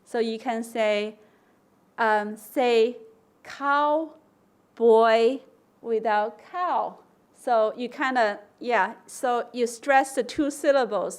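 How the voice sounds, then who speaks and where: A woman giving an academic conference lecture, explaining testing steps and acting out example prompts with slow, stressed words. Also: fairly high pitch. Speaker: conference speaker.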